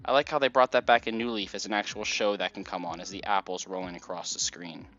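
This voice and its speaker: A man's voice: on the low side, fairly even intonation, fast, a bit bright, dull audio. A man giving casual, rambling gameplay commentary, full of "like"s. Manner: chatty, rambling, many "like"s. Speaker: let's play gamer.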